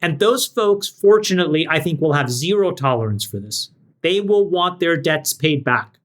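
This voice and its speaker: A man's voice: on the high side, animated, moderate pace. Emphatic man arguing on a podcast. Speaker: podcast co-host. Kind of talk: casual panel chat.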